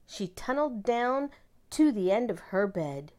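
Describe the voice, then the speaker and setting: A woman narrating a children's picture book aloud in an expressive storytelling voice. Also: a little high, a little slow.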